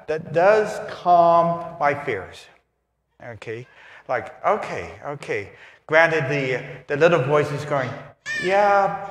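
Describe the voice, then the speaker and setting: A man giving a lively homily, acting out voices and asides, in a large church. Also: mid-range voice, slight background noise. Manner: animated, acts out voices and asides. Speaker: priest. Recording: roomy church reverb.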